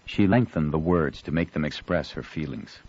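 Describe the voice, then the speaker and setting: Deep-voiced male audiobook narrator, expressive. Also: normal speed, slightly rough, no echo, lo-fi sound. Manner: expressive storytelling, shifting into character voices.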